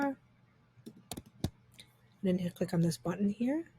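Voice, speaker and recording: A woman reviewing software in an upbeat, chatty, enthusiastic way, walking through a screen demo. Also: lowish voice, lively intonation, slow, slight background noise.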